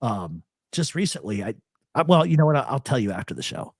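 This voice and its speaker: A man's voice: mid-range voice, brisk, creaky, dry recording, studio quality. A man hosting a live talk show, telling stories in casual chat and acting out the voices of people he quotes. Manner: animated storyteller, acts out quoted voices.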